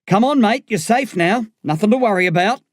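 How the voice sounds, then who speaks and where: A man voicing an older ambulance officer who loudly coaxes a patient, calm and reassuring. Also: very high-pitched, normal speed, clear, resonant tone, no room sound, clean studio sound, voice pushed up. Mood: coaxing. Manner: loud, coaxing.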